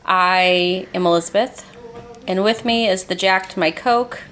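A woman co-hosting a casual chat podcast, talking in halting bursts that restart mid-sentence and with some swearing. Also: on the low side, a bit bright. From United States. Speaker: podcast co-host.

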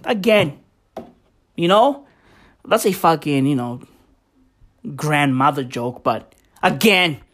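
Slow-talking man, profane and lively. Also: on the high side. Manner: profane, emphatic, keeps asking rhetorical questions. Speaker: vlogger reacting to tweets. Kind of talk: casual commentary vlog.

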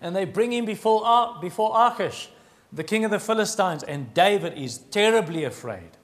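A man preaching a sermon, earnest and emphatic, slowing down to stress key phrases. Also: high-pitched, lively intonation. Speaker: pastor.

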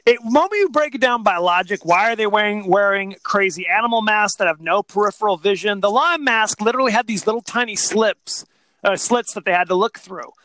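A man co-hosting a podcast in casual chat, animated and laughing as he retells scenes. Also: sits high, a little fast, no room sound. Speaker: podcast co-host.

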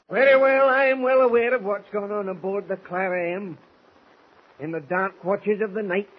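An actor playing a loyal, stubborn Scottish sailor who pleads earnestly in broad dialect, in 1940s radio acting. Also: male voice, sits high, dull audio, a little hiss or hum, close to an everyday voice. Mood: firm.

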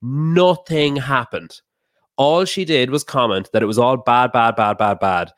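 A man talking as a podcast guest, telling a heated story fast and swearing often. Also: mid-range voice, fairly bright tone, no room sound, clean studio sound. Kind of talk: casual podcast chat.

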